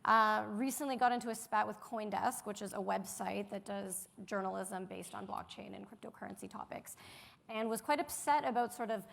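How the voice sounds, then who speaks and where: A woman's voice: medium pitch, normal speed, gravelly, fairly bright tone. A woman moderating a conference panel, building up thoughtful questions.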